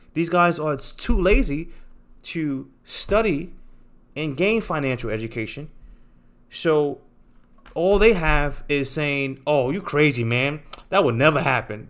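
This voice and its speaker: Man ranting emphatically to viewers. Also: a little high. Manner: emphatic and confrontational, repeats tag questions like okay and right. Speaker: trading channel host. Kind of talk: unscripted rant to viewers.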